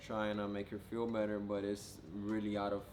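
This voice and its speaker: Young male vlogger, new dad, low-pitched and relaxed, clear music under the voice. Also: normal speed. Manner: relaxed, rambling, heavy on filler words. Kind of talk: casual chat.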